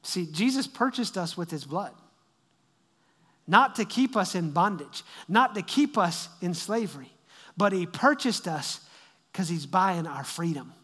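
A man with a high voice preaches a sermon, repeating his phrases as he builds and dropping from loud to hushed. His words ring out with the long reverb of a large church hall. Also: lively intonation, unhurried. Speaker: pastor.

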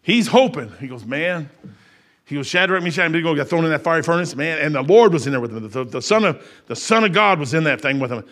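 A middle-aged man preaching a sermon in a folksy, emphatic way, repeating phrases and swinging between raised passages and quiet asides. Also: a little high, lively intonation, racing, hardly any pauses.

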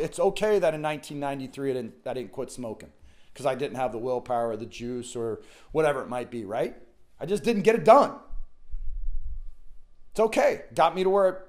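A man's voice: on the high side, darkish tone. A middle-aged man hosting a solo motivational podcast, talking in an earnest, rambling way that repeats itself and restarts often. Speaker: podcast host.

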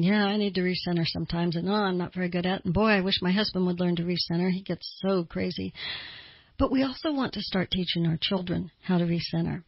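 A middle-aged woman therapist hosting a podcast, calmly explaining and slowing down when she lists feelings. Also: on the low side, gravelly, husky, no room sound, lo-fi sound. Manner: calm, explanatory, slows down to list feelings. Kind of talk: podcast teaching talk.

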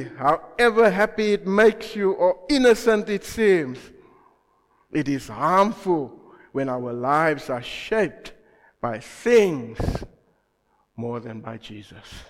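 A man preaching a sermon who keeps asking his congregation questions and swings between loud emphasis and quiet asides. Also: fairly high pitch, in a large hall. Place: church.

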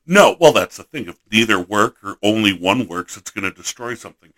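A man's voice: lowish voice, lively intonation, brisk, sharp tone, poor audio. An American man hosting a casual interview, teasing and jokey, full of enthusiasm. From United States.

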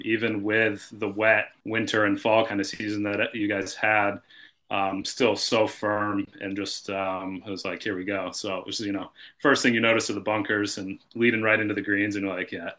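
An American man from the north-east USA, a golf professional guest on a podcast, talking casually with many fillers and trailing off softly. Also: fairly low pitch, little pitch movement, normal speed.

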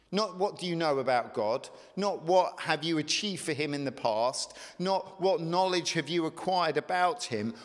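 A man preaching a sermon as pastor, emphatic, with sudden rises in pitch. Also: expressive, unhurried. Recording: long reverb of a large hall.

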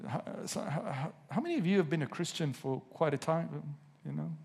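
A preacher in a church, his voice sitting high for a man and a little husky. He drawls the verses out word by word, then turns to quiz his congregation directly. Now and then he slips in a wry joke. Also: animated, darkish tone. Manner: reads scripture slowly with emphasis, asks the congregation questions, jokes. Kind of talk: sermon to a live congregation.

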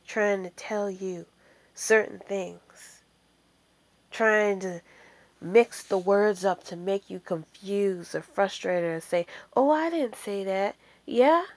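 A woman giving an informal sermon, emphatic and full of rhetorical questions. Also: mid-range voice. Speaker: preacher.

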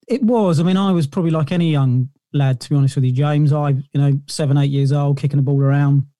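A man's voice: fairly high pitch, steady tone, fast, warm tone, dry recording, studio quality. A middle-aged man, a podcast guest telling long stories in a rambling way, full of fillers and restarts. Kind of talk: casual interview storytelling.

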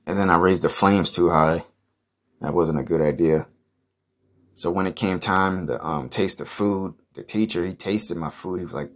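Low-voiced young dude, deadpan podcast storyteller, swears a lot, brags and rambles. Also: male voice, moderate pace. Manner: profane, boastful, rambling with fillers. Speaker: podcast host.

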